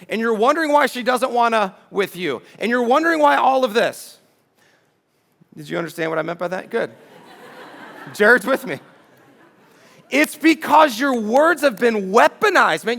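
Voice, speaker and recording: Middle-aged pastor guy, kinda high voice, chatty sermon in church, lots of "you know?" questions to the crowd. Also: creaky. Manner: conversational, animated preaching with rhetorical questions.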